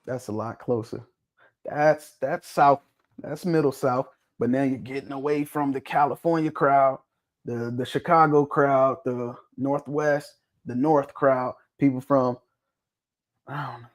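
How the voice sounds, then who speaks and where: A man's voice: medium pitch, steady tone, measured pace. A man hosting a livestream in a loose, joking, profane way, laughing often. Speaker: livestream host. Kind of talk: casual livestream chat.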